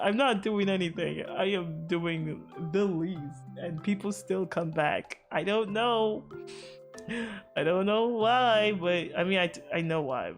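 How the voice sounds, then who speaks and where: Laughing Virgin Islands woman streamer. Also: medium pitch. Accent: Virgin Islands Caribbean. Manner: rambling, laughs often, swears freely. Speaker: VTuber streamer. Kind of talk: casual stream chat.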